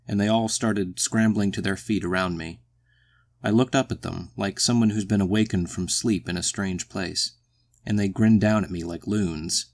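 Low-voiced man reading a dark story. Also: vocal fry. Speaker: audiobook narrator. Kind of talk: first-person story reading.

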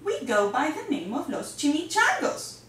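A woman's voice: high-pitched, big pitch swings, moderate pace, a bit bright, a little hiss or hum, pitched above the performer's own voice. Storybook boss: woman doing a growly solemn chihuahua leader, echoey room. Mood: proud. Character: big gruff chihuahua gang leader. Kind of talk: storybook read-aloud. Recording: echoey room, distant mic.

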